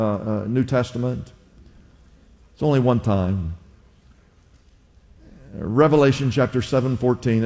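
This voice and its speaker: A man with a somewhat high voice preaches in a church sanctuary, his words trailing off into a long hall reverb. He talks in a loose, conversational way, restarting phrases and calling on the congregation to repeat after him. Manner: conversational preaching with audience call-and-response. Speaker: pastor. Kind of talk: sermon.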